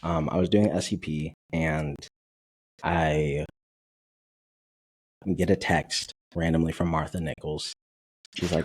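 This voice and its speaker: Podcast guest, 20s, deep and a bit raspy, animated storyteller. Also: male voice, takes it slowly, long pauses. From Dallas, Texas. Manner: animated, acts out quoted dialogue, laughs often. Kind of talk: casual storytelling.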